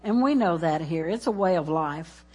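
A woman's voice: lowish voice, lively intonation, normal speed, darkish tone, breathy edge. A woman preaching in church, exuberant and laughing as she chants scripture and calls out praise. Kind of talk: sermon.

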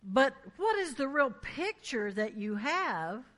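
Emphatic woman preacher, slightly high. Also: big pitch swings, takes it slowly, a bit bright. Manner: emphatic, conversational, prompts congregation. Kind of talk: sermon.

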